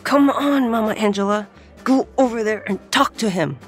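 A woman's voice: fairly high pitch, moderate pace, faint music behind, natural voice. An actress playing an upbeat young woman who eggs her friends on.

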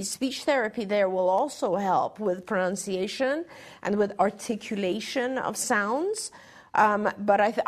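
A middle-aged woman co-hosting a talk show, giving earnest, encouraging advice to parents and often restarting her phrases. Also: a little high. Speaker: podcast co-host answering parent questions.

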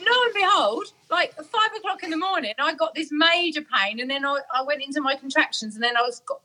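A middle-aged woman with a high, sharp voice talks quickly in a casual chat. She tells a story, laughing often and acting out different voices.

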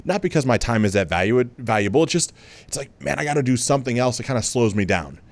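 A man hosting a podcast, telling a personal story in a relaxed, conversational way with many asides and restarts. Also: medium pitch, fast, no room sound. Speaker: podcast host. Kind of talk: storytelling monologue.

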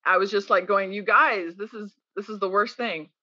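A woman's voice: mid-range voice, moderate pace, no room sound, lo-fi sound. A woman guest in a podcast interview, telling candid stories and acting out quoted people. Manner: candid, animated storytelling with quoted voices.

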